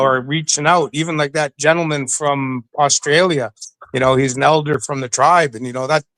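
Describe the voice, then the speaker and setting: A middle-aged man from western Canada, an interview guest who tells stories in a casual, animated way and acts out the voices. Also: on the high side, no room sound. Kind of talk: casual storytelling.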